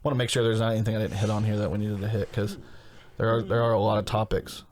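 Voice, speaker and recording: A man's voice: on the low side, level tone, fast, darkish tone. A man hosting a podcast in casual, rambling chat, often restarting his sentences as he tells stories. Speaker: podcast host.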